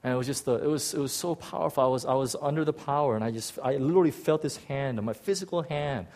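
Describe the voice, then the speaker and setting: A male pastor giving a testimony in a sermon, animated and full of restarts, swinging from loud bursts to hushed tones. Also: medium pitch, quick pace.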